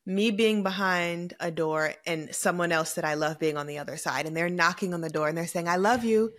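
A woman's voice: fairly low pitch, steady tone, a little fast, fairly bright tone. Earnest woman in heartfelt podcast chat. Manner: earnest, reflective, emotional. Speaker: podcast co-host.

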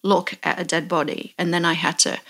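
A woman in her forties with a low voice and a gravelly, creaky texture, hosting a podcast. She tells a story candidly, pausing and restarting her sentences as she goes. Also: little pitch movement, a bit bright. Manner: candid, halting, self-correcting. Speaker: podcast host. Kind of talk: storytelling in casual chat.

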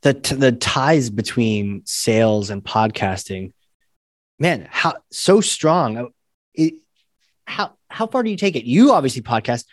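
A man's voice: mid-range voice, lively intonation, a little slow, no echo, clean studio sound. A man hosting a podcast, asking eager, informal questions. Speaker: podcast host. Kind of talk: casual podcast conversation.

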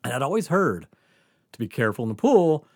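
A man's voice: medium pitch, big pitch swings, a little fast, darkish tone, no room sound, clean studio sound. A man telling a rambling, laugh-filled story as a podcast guest, swearing freely and stumbling over his words. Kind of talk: casual storytelling.

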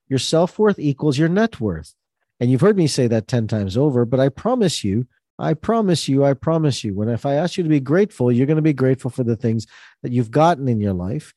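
A man gives a motivational talk, his pitch swinging widely as he presses his points. His voice is warm and mellow, and the recording is close and dry. He hammers key phrases home by saying them again and again. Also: dry recording. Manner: emphatic, repeats key phrases. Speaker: host. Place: call with listeners.

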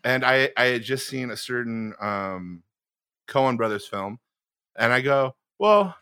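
A man telling a comedic story on a podcast, animated and swearing freely. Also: medium pitch, a little slow, smooth, no echo, clean studio sound. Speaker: podcast co-host.

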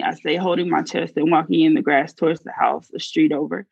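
A woman's voice: deep voice, normal speed, vocal fry, hardly any pauses, a little mellow, breathy edge, no room sound, highs cut off. A woman earnestly narrating her own life story in a first-person reading. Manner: earnest, confessional.

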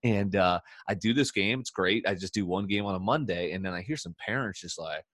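A man's voice: low voice, a little fast, a bit bright, no room sound, studio quality. A man hosting a casual podcast, telling long rambling stories with filler words and laughs. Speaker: podcast host. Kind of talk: casual storytelling chat.

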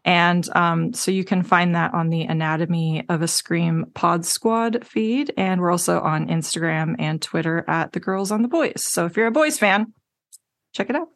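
Relaxed lower-voiced woman podcast guest. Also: normal speed. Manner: relaxed, plugging her own podcast. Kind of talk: casual podcast chat.

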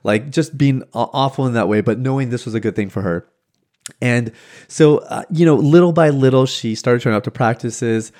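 Animated man telling a story. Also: medium pitch, moderate pace. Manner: animated, acts out quoted voices, laughs easily; frequent restarts and filler words. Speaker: podcast host. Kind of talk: casual storytelling monologue.

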